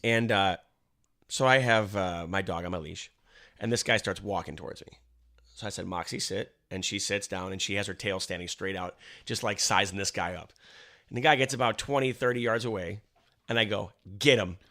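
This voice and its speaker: A man co-hosting a podcast in casual chat, telling stories in an animated way and swearing freely. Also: fairly low pitch, fairly quick. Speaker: podcast co-host.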